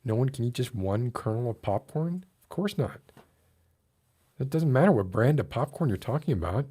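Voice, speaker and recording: Medium in pitch and expressive, his dark voice has a breathy edge and moves at a normal speed. Chatting casually with viewers on his stream, he launches into mock-outraged rants that rise in volume when he's fired up, often laughing at his own antics.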